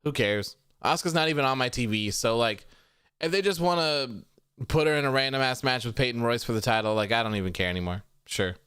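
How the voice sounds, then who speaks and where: A man's voice: mid-range voice, a little fast, fairly bright tone, clean tone, no room sound, studio quality. A man hosting a live wrestling stream in casual chat. He reads viewer comments aloud and reacts offhandedly, swearing freely.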